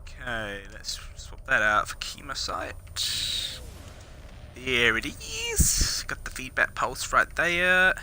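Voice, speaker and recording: A man's voice: mid-range voice, huge pitch swings, slow, sharp tone, in a whisper. A man reviewing a video game as he plays, chatting casually, muttering asides under his breath and throwing in playful exclamations. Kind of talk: casual gameplay commentary. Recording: noticeable background noise.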